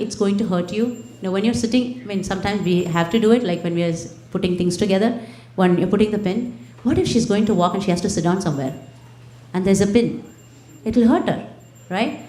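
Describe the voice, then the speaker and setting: A woman's voice: medium pitch, dark tone. A woman giving a personal, conversational devotional talk to a temple congregation, asking the audience questions. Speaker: temple speaker. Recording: echoey temple hall.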